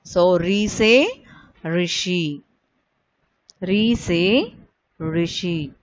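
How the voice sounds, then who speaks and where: Very slow, patient woman teacher. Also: lowish voice, dry recording. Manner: patient, repeats each word and asks questions for children to answer. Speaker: primary school teacher. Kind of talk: slow classroom video lesson. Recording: dull lo-fi recording.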